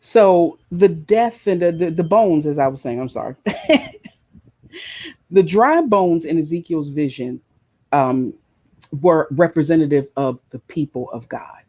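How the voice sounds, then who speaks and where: Man, sermon, husky, mellow tone, higher pitch. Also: animated, a little slow. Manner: impassioned, emphatic, repeats phrases. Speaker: preacher and show host.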